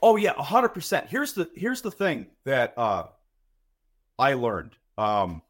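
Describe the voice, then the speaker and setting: A man's voice: mid-range voice, huge pitch swings, a little slow. A man in his thirties, a podcast guest talking casually and rambling, often repeating words as he thinks. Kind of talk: casual chat.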